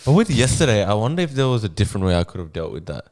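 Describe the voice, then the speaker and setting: A man's voice: fairly low pitch, rapid-fire. Young man telling a story. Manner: storytelling, relaxed, swears. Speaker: podcast co-host. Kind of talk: casual chat.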